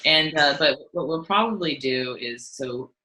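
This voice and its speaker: A woman musician chatting as an interview guest, telling stories in an animated way with frequent "like"s and restarts. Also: low voice, measured pace, rough recording. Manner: animated storytelling, lots of "like" and restarts. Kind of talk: casual interview chat.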